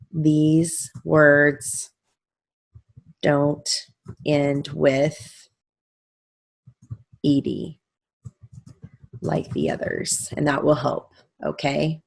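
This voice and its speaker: A woman teaching a stenography theory lesson, dictating practice sentences and spelling out letters with slow care. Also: low-pitched.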